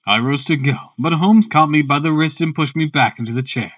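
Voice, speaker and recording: A man's voice: on the high side, brisk, a bit bright, dry recording, distant mic, lo-fi sound. Chatty male streamer reading aloud. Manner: laughs at his own misreadings, chatty. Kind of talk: casual read-aloud with chatty asides.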